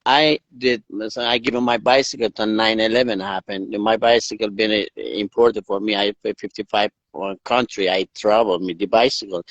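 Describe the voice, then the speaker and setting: A man's voice: fairly low pitch, normal speed, hardly any pauses, dry recording, lo-fi sound. Man with a Persian accent, broken English. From northern Iran. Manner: broken English, animated storytelling. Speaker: guest, endurance athlete. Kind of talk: casual interview storytelling. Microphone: video call.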